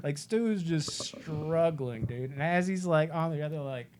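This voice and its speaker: A man co-hosting a casual movie podcast, rambling excitedly, swearing often and acting out movie lines. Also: on the high side, unhurried, background noise. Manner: rambling, excited, swears a lot, acts out quotes. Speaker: podcast co-host.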